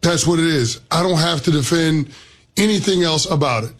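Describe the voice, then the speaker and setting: A man's voice: fairly high pitch, lively intonation, normal speed. A man co-hosting a sports talk show, giving blunt opinions.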